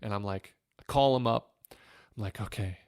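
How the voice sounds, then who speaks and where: A man, a former pro pitcher from Northwest Ohio, telling emotional stories in a podcast interview, with fillers and restarts. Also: normal speed, a little mellow, clear, resonant tone, dry recording, clean studio sound. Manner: emotional, reflective storytelling with many fillers and restarts.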